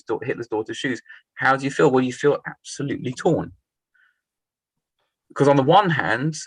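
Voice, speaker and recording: A man's voice: medium pitch, fairly bright tone, no room sound, poor audio. A man leading a Torah study class, thinking aloud, restarting phrases and putting questions to the group.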